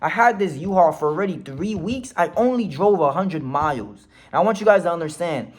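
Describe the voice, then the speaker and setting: Animated man telling a wild story. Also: a little high, fairly quick. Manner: animated, swears freely, acts out quotes. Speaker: vlogger. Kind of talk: casual storytelling to camera.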